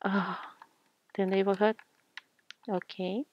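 Slow, soft-spoken woman narrating gameplay. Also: medium pitch, flat delivery, lo-fi sound. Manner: soft-spoken, slow, with frequent fillers and small laughs. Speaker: gaming channel host. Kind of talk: casual gameplay commentary.

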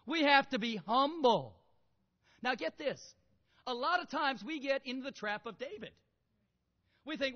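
A man preaching a sermon, animated, moving from quiet storytelling to loud exhortation. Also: very high voice. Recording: lo-fi with long hall reverb.

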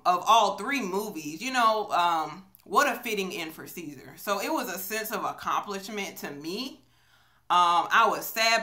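A woman's voice: mid-range voice, pushed and bright. A woman chatting casually in a movie review vlog, storytelling with many fillers, filmed on a phone on a selfie stick. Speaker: vlogger.

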